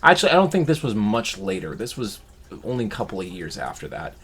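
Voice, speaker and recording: A man's voice: on the low side, very animated, fast, a bit bright, breathy edge. A man vlogging a personal story from his childhood, reflective and rambling, often restarting his sentences.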